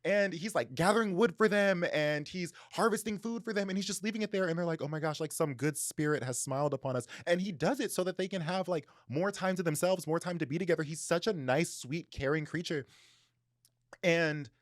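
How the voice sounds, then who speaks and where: A man hosting a book podcast, retelling a story in animated, casual chat with constant "like" fillers. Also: high-pitched, a little fast, no room sound, clean studio sound. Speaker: podcast host.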